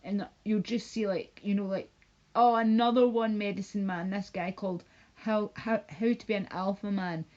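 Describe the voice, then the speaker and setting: A woman's voice: mid-range voice, fairly even intonation, normal speed, a little mellow, dull audio. A woman streaming live from home, ranting casually in a rambling, profane and mocking way. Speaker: livestreamer. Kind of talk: casual livestream rant.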